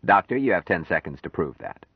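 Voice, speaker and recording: A man's voice: low-pitched, expressive, fairly quick, breathy edge, dry recording, dull audio. A man voicing a stern, brusque middle-aged government official in an audiobook. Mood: skeptical, stern. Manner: brusque, commanding.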